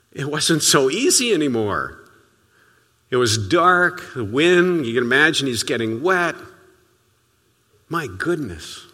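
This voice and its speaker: A man preaching a sermon as a pastor, telling stories in a conversational way and often dropping to a soft, quiet voice. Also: on the high side, in a large hall. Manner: conversational, storytelling preaching with sudden soft drops.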